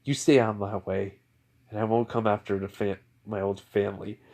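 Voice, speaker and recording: A man's voice: fairly low pitch, flat delivery, moderate pace, a little mellow, close to an everyday voice. A man voicing a cold, defiant young hero who brushes off his father, talking curtly. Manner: curt, dismissive.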